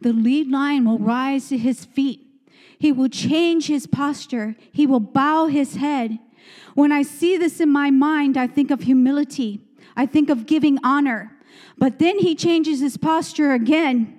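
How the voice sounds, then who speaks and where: Her voice sits high and slightly mellow, and she doesn't rush as she preaches a fervent sermon in a church sanctuary. This woman preacher calls to the congregation, call-and-response style, repeating emphatic phrases, while long church-hall reverb trails each line.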